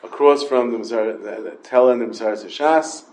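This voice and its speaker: A man's voice: medium pitch, fairly quick, darkish tone, slight background noise, poor audio. A man with a Yeshiva English accent teaching an informal Talmud class, mixing Hebrew and Yiddish terms into his English and questioning his students.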